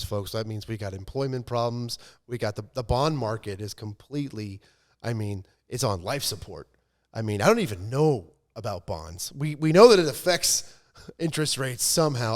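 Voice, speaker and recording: Male co-host, mid-pitched, jokey and rambling. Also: expressive, normal speed. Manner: wisecracking, rambling. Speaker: podcast co-host. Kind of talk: casual podcast chat.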